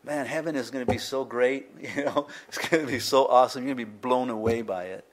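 A man's voice: medium pitch, brisk. An older man, a pastor, preaching a conversational sermon with frequent asides and chuckles.

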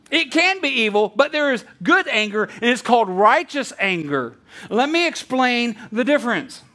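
A man preaching a sermon as pastor, animated and quick to laugh, acting out a story with voices. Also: high-pitched. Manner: animated, laughs often, tells stories with voices.

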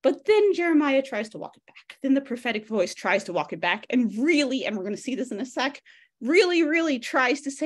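A woman's voice: high voice, big pitch swings, normal speed. A woman leading a text study over a video call, speaking conversationally, thinking aloud with frequent restarts and addressing participants by name. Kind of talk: casual teaching, reading and discussing a text.

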